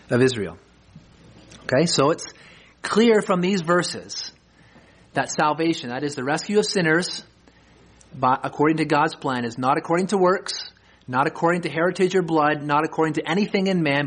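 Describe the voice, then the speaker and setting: A man's voice: on the high side, husky, rough recording. A man preaching an expository sermon as pastor, earnest and emphatic, posing rhetorical questions.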